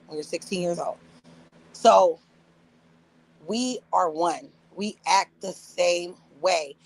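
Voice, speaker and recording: A woman's voice: on the low side, poor audio. Profane, laughing woman in her forties. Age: 40s. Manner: animated storytelling, acting out quotes in other voices; blunt, profane, laughing often. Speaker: live streamer. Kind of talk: casual chat on a livestream.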